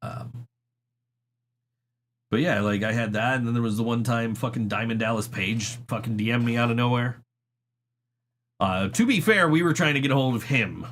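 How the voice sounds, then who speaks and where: A man hosting a casual podcast, telling one story after another in a loose, rambling way. His pitch sits in the ordinary middle range for a man, and he swears freely and breaks into laughter between anecdotes. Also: moderate pace, long pauses, fairly bright tone, a little hiss or hum. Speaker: podcast host. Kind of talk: casual chat.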